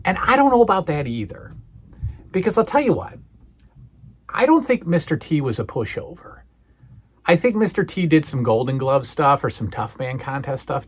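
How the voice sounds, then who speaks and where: A man talks through an old show in a casual solo recap, animated and quick to act out what people said. His voice is husky, and his pitch rises and falls a lot as he goes. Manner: animated storytelling, acting out quoted lines. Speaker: podcast host reviewing old wrestling shows.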